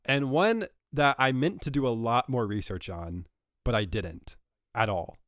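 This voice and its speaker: A man's voice: mid-range voice, lively intonation, measured pace, a bit bright, no echo, studio quality. A young man co-hosting a podcast, telling rambling stories in casual chat while recovering from a cold. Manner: rambling, self-correcting storyteller. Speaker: podcast co-host.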